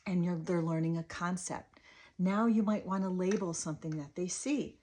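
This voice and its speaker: A woman's voice: on the low side, moderate pace, breathy edge. Woman in her 30s, speech therapist, friendly coaching, sing-song bursts. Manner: sing-song, animated demo voice for toddlers. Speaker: speech-language pathologist. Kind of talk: parent coaching lesson with toy demo.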